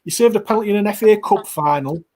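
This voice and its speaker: Guy hosting a football chat show, high voice, jokey, reads out fan questions. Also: fast, a little mellow. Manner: friendly banter, reads out listener questions. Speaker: show host. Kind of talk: casual interview.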